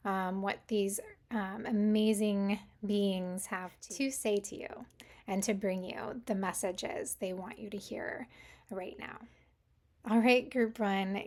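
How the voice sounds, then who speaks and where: A woman hosting an intuitive crystal reading, talking in an easygoing, casual way with frequent filler ums. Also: medium pitch. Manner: unhurried, gentle, many filler ums.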